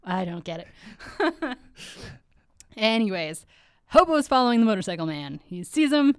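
A woman's voice: medium pitch, sing-song, normal speed, smooth, no echo, clean studio sound. A woman co-hosting a podcast, recapping a TV episode in casual chat and laughing often. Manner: giggly, laughs often between lines. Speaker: podcast co-host.

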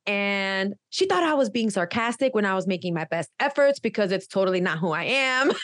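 A woman in her forties, a guest telling a personal story in an animated, emphatic way. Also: moderate pace, no echo, clean studio sound. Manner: animated, emphatic, jumps high when quoting herself.

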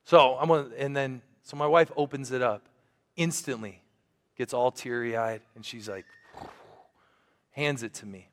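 A man's voice: medium pitch, unhurried, long pauses, long reverb tail. A man preaching a storytelling sermon as a pastor, earnest and conversational, often restarting his sentences.

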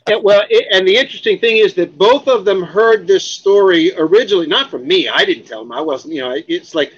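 A man telling a story as an interview guest, animated and profane, acting out what others said. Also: sits high, a little fast, husky, dull audio. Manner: animated, profane, acts out other people's lines. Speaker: guest, cigar expert.

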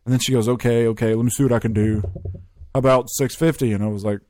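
A man's voice: mid-range voice, steady tone, fast talker, mellow, no echo, clean studio sound. A man hosting a podcast in casual chat, telling stories animatedly and swearing freely. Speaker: podcast host.

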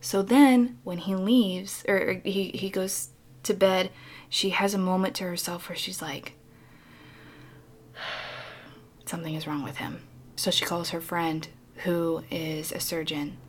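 A woman retelling a film plot in casual chat, animated and acting out the characters. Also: lowish voice, unhurried. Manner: animated storytelling, acting out voices.

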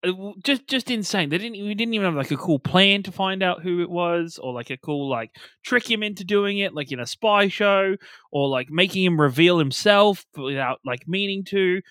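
A man's voice: high-pitched, lively intonation, moderate pace, fairly bright tone, no echo. A man co-hosting a casual podcast, ranting with constant swearing and exasperation. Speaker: podcast co-host. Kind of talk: casual podcast review chat.

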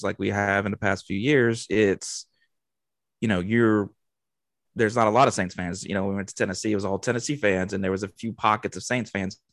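Gravelly low male co-host, dry sound, easygoing talk. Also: no room sound. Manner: relaxed, talks in loose run-on clauses. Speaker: podcast co-host. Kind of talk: casual sports chat.

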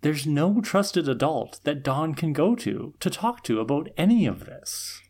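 A man's voice: on the high side, big pitch swings, a little slow, gravelly, a little mellow. A man co-hosting a casual podcast, talking thoughtfully with some hesitant restarts. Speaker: podcast co-host. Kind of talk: casual discussion.

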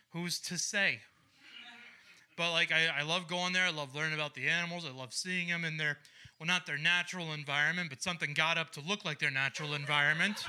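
A young man from Ohio doing a stand-up comedy set, crude and sardonic, launching into loud ranting bits. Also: on the high side, smooth.

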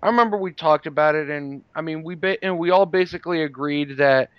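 A man's voice: on the high side, brisk, smooth, dry recording, highs cut off. A man hosting a casual podcast, rambling with many fillers. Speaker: podcast host.

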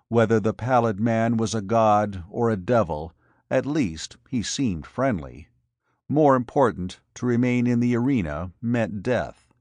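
A man reading an adventure story aloud in a measured, dramatic way. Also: lowish voice, no room sound. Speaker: audiobook narrator. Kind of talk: scripted narration.

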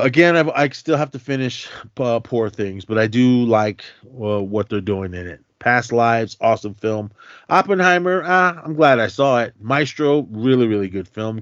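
A man's voice: fairly low pitch, no room sound. A man hosting a podcast, casually recapping films in a loose, chatty way with lots of fillers and slang. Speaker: podcast host. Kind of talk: casual movie recap chat. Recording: dull lo-fi, dry sound.

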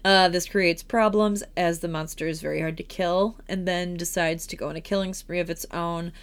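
Giggly rambling woman podcaster, lowish voice. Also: steady tone, normal speed, clear, resonant tone. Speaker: podcast co-host. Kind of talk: casual chat about horror films.

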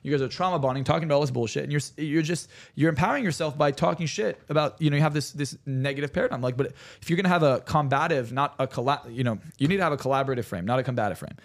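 A man, a hypnotherapist on a podcast, telling stories in a rapid, animated and profane way. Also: a little high. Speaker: hypnotherapist guest. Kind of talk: casual podcast chat.

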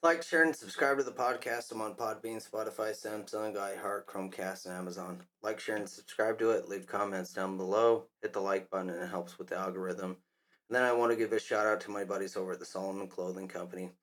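A man's voice: fairly low pitch, fairly even intonation, fast, fairly bright tone. A man hosting a commentary podcast, talking in a scornful, mocking way. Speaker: podcast host.

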